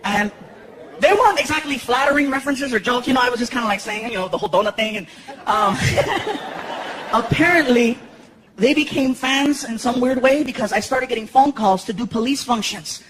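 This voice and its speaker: A man doing stand-up comedy on a live stage, telling stories in an animated, playful way. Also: extremely high pitch, brisk, rough recording. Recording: live show, loud crowd laughter.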